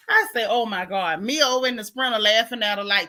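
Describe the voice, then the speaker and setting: A woman, hosting a casual gossip recap of a reality show, sassy and animated, reading chat comments aloud. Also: high-pitched, normal speed.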